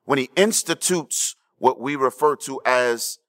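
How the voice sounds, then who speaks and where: A man preaching a sermon, checking in with the congregation and swinging between hushed low lines and raised emphatic ones. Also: a little slow. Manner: preaching with call-and-response asides to the congregation. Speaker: pastor.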